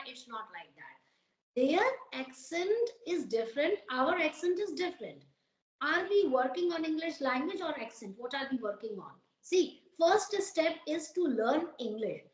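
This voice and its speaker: A woman's voice: high voice, echoey room, low-quality recording. A woman from Uttar Pradesh with an Indian accent, an English teacher giving advice in a conversation, asking many rhetorical questions.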